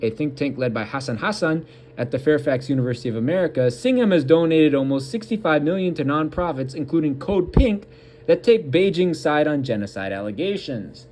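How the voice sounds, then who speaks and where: A man hosting a political commentary show, reading an article aloud with halting restarts and breaking off for mocking asides. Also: on the high side, dark tone.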